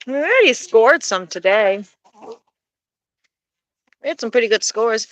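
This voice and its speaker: A woman's voice: fairly high pitch, very animated, measured pace, pauses often, fairly bright tone, poor audio. A woman chatting casually while she coaxes her pets with sing-song calls in a backyard. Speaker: pet owner vlogger. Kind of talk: casual chat to camera and animals. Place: backyard outdoors with chickens.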